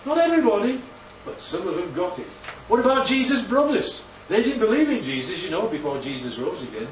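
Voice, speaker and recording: A man preaches a sermon with a fairly high, animated voice that leaps upward on key words. He asks the room question after question. He sounds roomy and set back from the microphone, a little dull, with faint ambience behind. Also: fairly quick, distant mic, slight background noise. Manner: animated, rhetorical questions, swoops up for emphasis.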